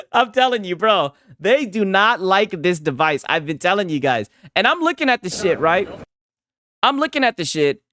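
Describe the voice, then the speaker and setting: Brief: male streamer, profane, mocking reaction talk, animated swings in pitch, dry close sound. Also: normal speed, dry recording. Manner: profane, mocking, keeps asking "right?". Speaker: gaming commentary streamer. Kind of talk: casual reaction commentary.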